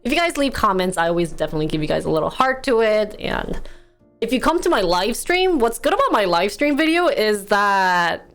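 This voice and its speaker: A woman's voice: medium pitch, sing-song, a little fast, fairly bright tone, faint music behind. Chatty giggly Wisconsin-accented woman streamer. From United States. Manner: chatty, giggly, reads and answers chat. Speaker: live streamer. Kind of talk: casual live-stream chat with viewers. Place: her home.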